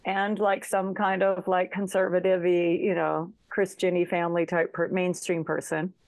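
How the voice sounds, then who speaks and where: A woman's voice: lowish voice, flat delivery, moderate pace, darkish tone, no room sound. Chatty woman telling a story dryly. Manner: chatty, lots of fillers like "like" and "you know"; acts out quoted lines in her telling. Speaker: interview guest. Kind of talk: casual storytelling.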